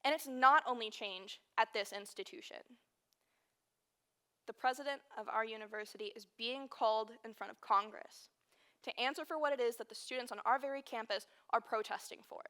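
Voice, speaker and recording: A woman's voice: on the high side, normal speed, bright, forceful tone. Earnest young woman giving a talk. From Texas. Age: early 20s. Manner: earnest, emphatic repetition. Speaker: student speaker. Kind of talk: personal storytelling speech.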